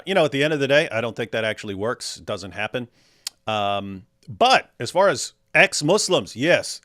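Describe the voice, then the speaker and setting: A man talks loosely on a livestream, cracking jokes and laughing as he reacts to viewer comments. His voice sits at an ordinary middle pitch. The sound is dry and close, with no room around it. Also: a bit bright, no room sound. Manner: jokey, laughs often, many restarts. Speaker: livestream co-host.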